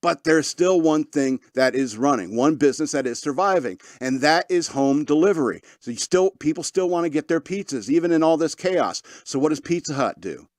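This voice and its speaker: A male podcast host with a slightly high voice, talking in a loose, rambling, opinionated way, stumbling into restarts and chuckling at his own points. The sound is dry and close, with almost no room on it. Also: animated, brisk, hardly any pauses, a little mellow, no echo. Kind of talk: casual opinion talk.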